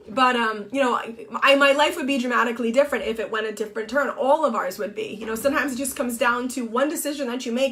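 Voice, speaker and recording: A middle-aged woman and blogger talking on a Facebook Live, tearful and halting with many restarts, crying as she speaks. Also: fairly high pitch, a bit bright. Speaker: blogger and TV co-host. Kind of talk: emotional Facebook Live monologue. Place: home office.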